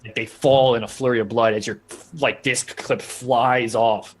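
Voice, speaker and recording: A man narrates a tabletop game as game master, talking loosely and circling back on himself. His pitch sits in the middle of the usual range for a man. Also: steady tone, measured pace, breathy edge. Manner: loose, rambling narration with many fillers and restarts.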